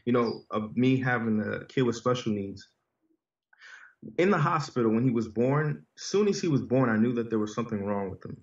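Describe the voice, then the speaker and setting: A man's voice: medium pitch, lively intonation, moderate pace. A man guest in a conversation, earnestly recounting a personal story with lots of "you know" and "man". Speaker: podcast guest. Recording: roomy, distant, dull sound.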